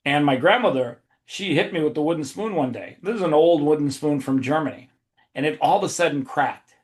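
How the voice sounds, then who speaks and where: A male podcast host with a higher-sitting voice speaks briskly, spinning long, rambling stories in casual conversation. He keeps interrupting himself, restarting, and laughing partway through.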